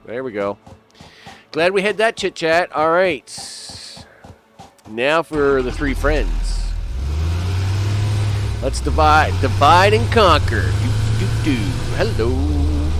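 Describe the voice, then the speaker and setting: A man's voice: mid-range voice, sing-song, measured pace, over music. A man giving rambling, casual commentary on his gameplay as host, full of fillers and asides to enemies. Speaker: gaming channel host.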